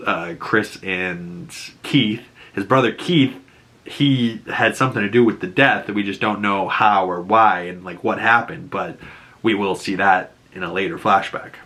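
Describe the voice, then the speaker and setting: A man's voice: lowish voice, normal speed, pushed and bright. A man with a Boston accent recapping a TV episode in casual, profane chat, laughing and jumping into characters' lines. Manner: swearing, laughing, acting out characters' lines in a raised voice. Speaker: show recap host.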